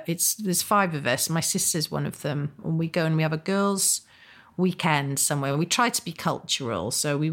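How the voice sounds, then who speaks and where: Woman in her 50s chatting as a guest, kinda low voice, halting and self-deprecating. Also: fairly bright tone. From Wales. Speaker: author and actor, guest. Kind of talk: casual interview chat.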